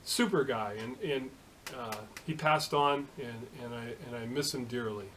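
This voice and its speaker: Speaking at an ordinary pitch with a slightly bright tone, a middle-aged man tells a vlog story like a hobby machinist talking to his camera. The low-quality audio carries a faint hiss, and his delivery is halting, with frequent "uh" fillers and restarts.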